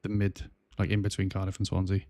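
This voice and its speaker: A low-voiced man with a South Welsh accent, talking casually while he plays a game on stream. His delivery stays flat and even, with many ums and restarted sentences. The sound is dry and close, and his tone is mellow. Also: quick pace, no echo. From South Wales. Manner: chatty, rambling, with frequent fillers and restarts. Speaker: gaming streamer. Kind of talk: casual livestream chat while gaming.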